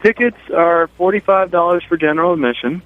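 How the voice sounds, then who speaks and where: A man's voice: high-pitched, brisk, no echo. A laid-back brewer talks plainly over the phone, his voice narrowed to a tinny, lo-fi band. The line is dry, with no room sound around it, and he leans on fillers as he chats. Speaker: brewer and festival organizer, phone guest. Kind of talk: casual radio chat. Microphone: telephone.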